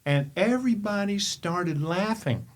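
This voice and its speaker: An older man from Kentucky, a podcast host and coach, delivers a storytelling monologue animatedly and emphatically, firing off rhetorical questions. His voice sits high and moves a little slowly.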